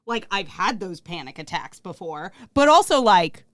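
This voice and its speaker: Young female podcast host, frank and animated, lively high voice, dry close mic. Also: moderate pace, no echo. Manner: candid, expressive, swears casually. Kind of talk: casual podcast chat.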